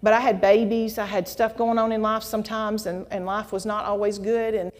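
A woman's voice: mid-range voice, a little fast. Woman, middle-aged, church testimony, folksy, y'all to the crowd, long hall echo. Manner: folksy, animated storytelling, addresses audience as y'all. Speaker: guest speaker at church. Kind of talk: testimony sermon. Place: church sanctuary.

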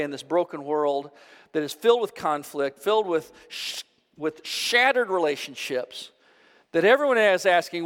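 A man's voice: fairly high pitch, a bit bright, in a large hall. A male pastor giving an earnest, emphatic sermon. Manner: earnest, emphatic, preaching with strong rising stresses.

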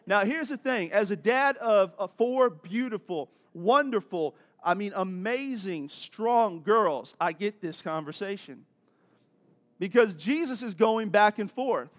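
A man preaching a sermon as pastor, telling stories in a lively, conversational way and laughing often. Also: sits high, measured pace. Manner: animated storytelling preacher, acting out voices.

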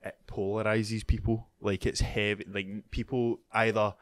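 A man's voice: on the low side, level tone, unhurried, dry recording. A young man with a Scottish accent, co-hosting a casual podcast chat, laughing often and dropping in aye and mate. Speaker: podcast co-host.

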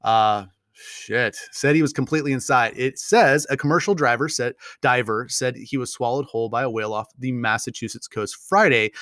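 A man's voice: medium pitch, fairly bright tone, dry recording, studio quality. A man hosting a podcast, reading odd news stories aloud and riffing on them with jokes and heavy swearing. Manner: profane, joking, rambling. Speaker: podcast host. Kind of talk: casual news commentary.

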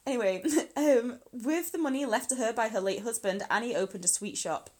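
A little high, a little fast and a little mellow, this woman's voice carries a true crime tale on the podcast she co-hosts. She lives in Scotland and keeps it chatty, with plenty of swearing and laughing.

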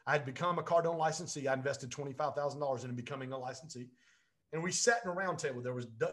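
Intense, emphatic man, slightly high voice. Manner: intense, emphatic, repeats phrases. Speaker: guest, real estate business coach. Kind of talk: energetic storytelling in interview.

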